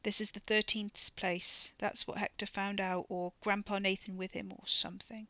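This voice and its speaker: A man's voice: sits high, level tone, moderate pace, bright, forceful tone, no room sound, full character voice. A woman voicing a drowsy, stoned man who talks in a lazy, slurred drawl with a broadening accent.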